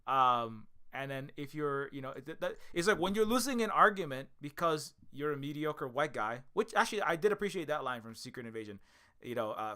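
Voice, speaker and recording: A man from Hawaii giving a rambling casual commentary, talking rapidly with many fillers and restarts. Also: fairly high pitch, lively intonation, pushed and bright. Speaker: video commentator.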